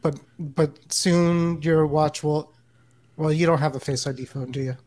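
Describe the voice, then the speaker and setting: A man co-hosting a casual tech podcast, relaxed and rambling, often correcting himself mid-sentence. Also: on the high side, a little slow. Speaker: podcast co-host.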